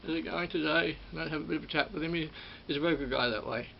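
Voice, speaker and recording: A onetime ride operator, middle-aged and Australian, reminisces about that job in a rambling, casual way, often circling back to repeat or correct himself. He talks rapid-fire in a fairly high voice with vocal fry, recorded with dull sound and faint hiss.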